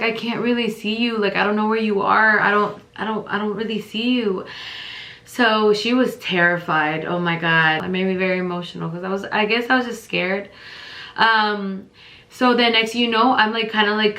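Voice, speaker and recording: A woman's voice: medium pitch, bright, forceful tone. A woman vlogger telling a casual storytime, rambling with lots of fillers as she retells events. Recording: roomy echo.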